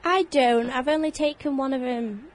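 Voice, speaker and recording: A woman's voice: sits high, normal speed, no echo. A woman guest on a radio chat, shy, giving brief answers about her pets. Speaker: guest, guinea pig owner. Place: radio studio.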